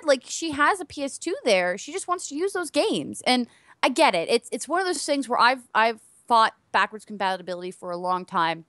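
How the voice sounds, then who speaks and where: A young adult woman co-hosting a casual gaming chat show, animated and given to loud exclamations. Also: on the high side, dry recording, clean studio sound. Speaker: podcast co-host.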